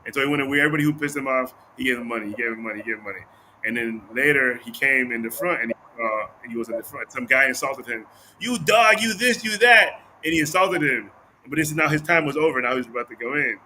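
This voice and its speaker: A man hosting a podcast, telling a story in an animated way with laughs and restarts. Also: medium pitch, fast talker, slight background noise, low-quality recording. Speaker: podcast host. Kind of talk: casual conversation.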